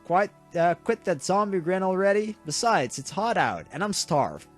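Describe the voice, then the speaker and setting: Cheerful smug kid brat in a game story, lively, higher voice, done by a man. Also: moderate pace, soft background music. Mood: cheeky. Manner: cheerful and boastful. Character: cheeky, smug young boy, a brat.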